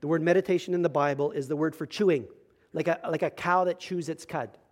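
A young adult male pastor preaching a sermon, telling a personal story and swinging from hushed asides to loud emphatic passages. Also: a little high, fairly even intonation, a little fast.

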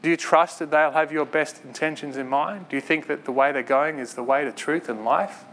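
A man preaching a sermon in an earnest, conversational way, with quick asides and light laughs. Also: on the high side, a bit bright, slight background noise.

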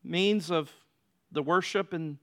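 A man preaching a sermon in a high, bright voice. He swings between loud, emphatic declarations and quieter, slower passages. His delivery is dynamic and pastoral.

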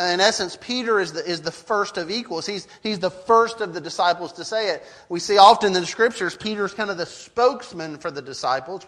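A man's voice: a little high, a bit bright. A middle-aged man preaching a sermon as pastor, earnest and emphatic, often repeating a word as he starts a sentence.

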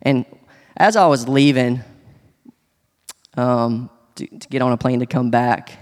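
A man sharing a personal testimony in church, speaking earnestly and haltingly, with many restarts. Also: mid-range voice. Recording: long hall reverb.

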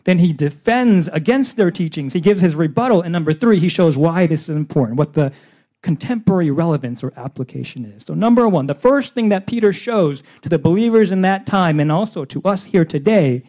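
High-voiced emphatic male preacher. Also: expressive, a little fast, mellow. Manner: emphatic, repeats phrases in lists. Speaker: pastor. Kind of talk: verse-by-verse sermon.

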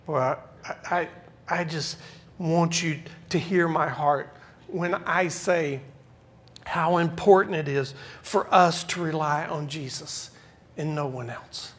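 Male pastor, preaching, emphatic with soft asides. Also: a little high, slow, slightly rough. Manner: swings from loud emphatic preaching to quiet asides. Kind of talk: sermon.

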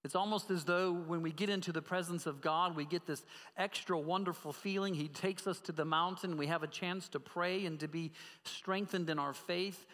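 A man's voice: high voice, steady tone, normal speed, a bit bright, long reverb tail. A man preaching a sermon as pastor, earnestly asking the congregation direct questions.

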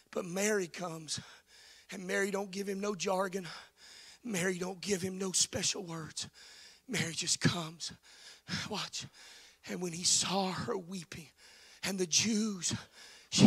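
A man preaching a sermon, swinging from hushed, whispered lines to loud, sing-song shouting, calling out to members of the congregation. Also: high voice, creaky, slightly rough. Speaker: pastor.

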